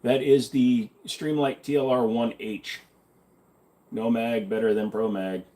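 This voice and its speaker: A man's voice: medium pitch, steady tone, unhurried, dark tone. A man hosting a casual livestream and answering chat in a blunt, offhand way, swearing now and then. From Canada. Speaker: livestream host reading chat.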